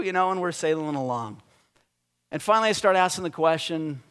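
Man, pastor, sermon, high-pitched, animated, chatty, restarts. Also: brisk. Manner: animated, conversational preaching with restarts.

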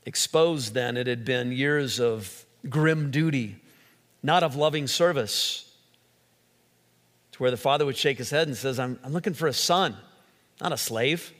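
A male pastor giving an animated sermon, acting out quotes as he preaches. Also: medium pitch, unhurried, pauses often. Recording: long hall reverb.

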